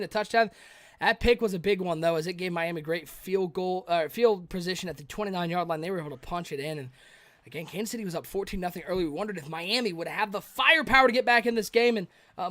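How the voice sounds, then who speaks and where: A man doing live play-by-play commentary of a video game football stream, with excitable calls on big plays and chatting with viewers between plays. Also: high voice, no echo.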